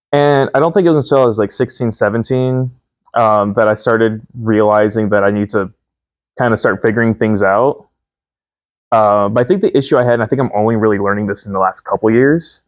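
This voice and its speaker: A young man in his twenties with a fairly low voice, talking candidly and thoughtfully. He pauses often with ums as he works through his thoughts. The recording is dry and close, with no room sound. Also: no echo. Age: 20s. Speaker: podcast guest, son. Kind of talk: casual conversation.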